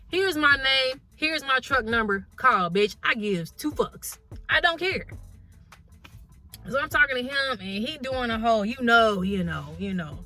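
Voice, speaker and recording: A woman truck driver telling a casual story, blunt and profane, with animated delivery. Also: a little high, moderate pace, faint music behind.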